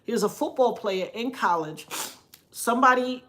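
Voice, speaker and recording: A woman hosting a livestream, telling a story in a preachy, animated way that swings from loud emphasis to soft asides. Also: on the high side, moderate pace. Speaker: livestream host reading viewer comments. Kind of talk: casual storytelling monologue.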